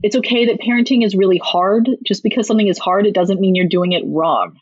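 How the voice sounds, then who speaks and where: Husky woman giving parenting advice. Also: mid-range voice, quick pace, dry recording. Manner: lively, animated, acts out quoted lines. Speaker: parenting author guest. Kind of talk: casual advice talk. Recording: dull lo-fi, dry sound.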